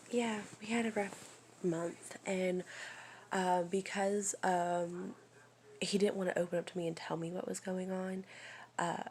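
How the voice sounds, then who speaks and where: Gravelly-voiced woman whispering a personal vlog. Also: on the low side, a little hiss or hum. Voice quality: soft, often whispering. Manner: rambling, confiding, many fillers. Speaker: vlogger.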